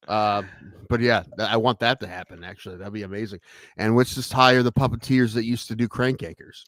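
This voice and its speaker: A man co-hosting a casual comedy podcast, ranting with swearing and restarts, swinging between loud outbursts and mutters. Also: lowish voice, moderate pace, no echo. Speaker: podcast co-host.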